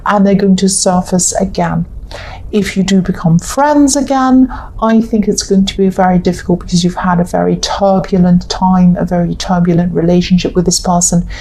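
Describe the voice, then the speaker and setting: A woman giving a love tarot reading, earnest and repetitive, her voice tired and croaky. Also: medium pitch, warm tone, rough recording. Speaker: tarot reader.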